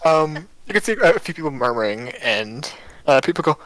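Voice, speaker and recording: A man narrating as game master in a tabletop game, with a relaxed, casual manner and frequent ums. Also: on the high side, a little fast, no echo, poor audio.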